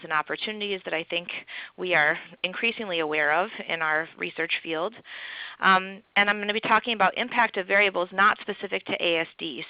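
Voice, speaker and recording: A woman's voice: lowish voice, no room sound. A woman with a cough giving a webinar lecture, explaining her research with frequent ums. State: has a cough. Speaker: speaker presenting research. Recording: dull lo-fi webinar audio.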